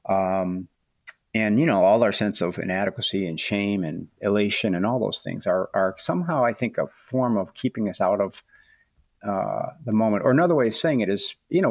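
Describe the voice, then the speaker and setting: Man, 60s, author guest on a podcast, deep gravelly voice, dry close sound, reflective and halting. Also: no room sound. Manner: thoughtful, halting, many restarts and "you know"s. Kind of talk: reflective interview talk.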